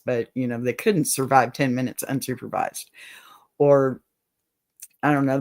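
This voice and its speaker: A woman's voice: a bass voice, darkish tone. An older woman from Texas with a Southern accent, hosting a casual show. She chats freely and laughs often. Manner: chatty, laughs often, says y'all. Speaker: podcast host. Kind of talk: casual chat.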